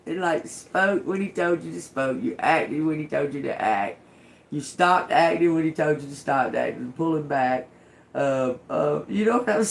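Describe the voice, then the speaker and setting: Gravelly, profane woman giving a tarot reading. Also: low-pitched, a little hiss or hum. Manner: emphatic, profane, laughing often, repeats herself. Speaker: tarot reader. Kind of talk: casual tarot reading monologue.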